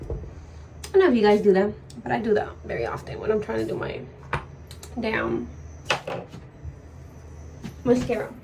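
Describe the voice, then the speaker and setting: A woman's voice: mid-range voice, sing-song, measured pace, creaky, pauses often, mellow. A young woman telling her birth story in a casual, emotional vlog while doing her makeup, swearing now and then. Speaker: vlogger. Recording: voice a bit far from the mic, faint noise.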